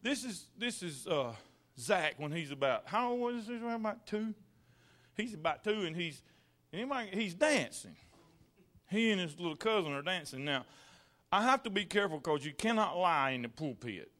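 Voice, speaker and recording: A preacher man with a high, bright voice that swings widely as he tells his folksy church stories. He stumbles over repeated words, then builds up to fervent peaks. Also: lively intonation, normal speed. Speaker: pastor. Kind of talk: sermon with personal anecdotes.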